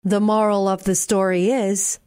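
A woman with a Singaporean accent reading a bedtime fable aloud in a gentle, expressive way. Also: medium pitch, a little slow, clean tone. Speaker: narrator.

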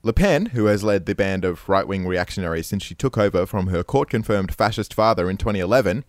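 Man reading scripted comedy news with a wry, deadpan edge and very animated intonation. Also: sits low, a little fast, no room sound. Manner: dry, wry delivery with punchlines.

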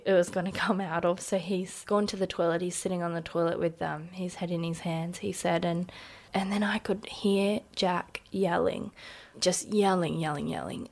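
A woman in her thirties with an Australian accent casually tells a personal story as an interview guest. Her mid-range voice has vocal fry, she uses lots of "like" fillers, and at times she drops to a hush.

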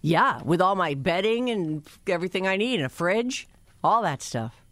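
Lively, chatty radio co-host woman. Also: fairly low pitch, moderate pace, no echo. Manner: chatty, playful, laughs easily. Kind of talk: casual on-air banter.

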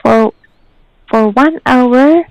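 A woman's voice: high voice, extremely slow, a little mellow, no echo. A woman answering the phone as a spa receptionist, polite and formal as she lists the services. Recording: dull phone line.

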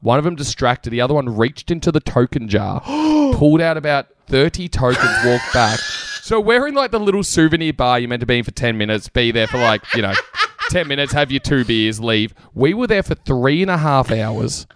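A man's voice: medium pitch, very animated, normal speed, background noise. A young Australian man, a podcast co-host, telling a rambling, sweary story through laughs. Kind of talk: casual storytelling chat.

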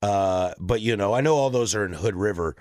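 A man's voice: a little fast, a little mellow, dry recording, studio quality. A man from the co-hosting a podcast in casual chat, talkative and self-deprecating. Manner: chatty, self-deprecating, acts out quotes in a low voice. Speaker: podcast co-host.

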